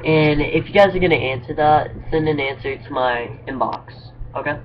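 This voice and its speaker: A man's voice: a little high, normal speed. A man vlogging casually, telling jokes in a hesitant, rambling, self-deprecating way. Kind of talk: casual joke-telling vlog. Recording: dull lo-fi mic with clear background noise.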